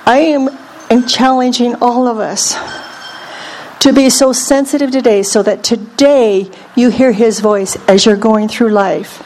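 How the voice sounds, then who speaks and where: A woman's voice: a little high, fairly even intonation, measured pace, a little mellow, slight background noise, low-quality recording. A woman leading a Bible study as a preacher, earnest and repeating phrases for emphasis. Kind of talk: small-group Bible teaching.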